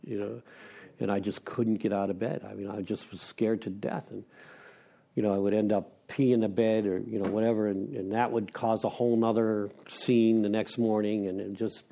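Middle-aged man, mellow tone, frank rambling recovery-meeting share with wry laughs. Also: fairly low pitch, flat delivery, normal speed, gravelly. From Pennsylvania. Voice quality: rambling, with restarts and self-deprecating laughs. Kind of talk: candid personal share.

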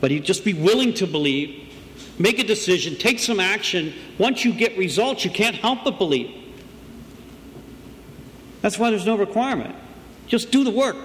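A man's voice: high-pitched, expressive, normal speed, long pauses, a bit bright. A middle-aged man telling his recovery story to a group in a conversational storytelling way, often asking "right?". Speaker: recovery meeting speaker. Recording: long reverb in a room, faint background noise.

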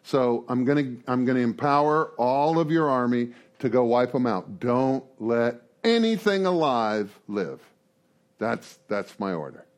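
A man's voice: medium pitch, lively intonation, a little slow, lightly acted. A man voicing a stern male God giving blunt orders in a retold story. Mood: commanding. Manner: blunt, matter-of-fact.

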